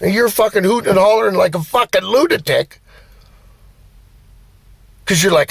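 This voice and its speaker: A man's voice: high-pitched, normal speed, vocal fry, long pauses, breathy edge, dry recording. A man giving a blunt, profane motivational rant as a vlogger. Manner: blunt, heavy swearing, animated. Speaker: vlogger and driver.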